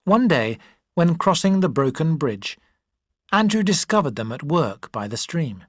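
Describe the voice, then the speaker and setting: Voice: mid-range voice, sing-song, measured pace, dry recording, studio quality. An audiobook reader narrating a classic novel expressively, shifting voices for the characters.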